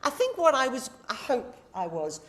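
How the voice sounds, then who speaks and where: A woman in her fifties chats as a podcast guest, her voice sitting a little high. She tells family stories with energy, slipping into little acted quotes of other people. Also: wildly swooping pitch, normal speed, a bit bright. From England. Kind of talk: casual storytelling chat.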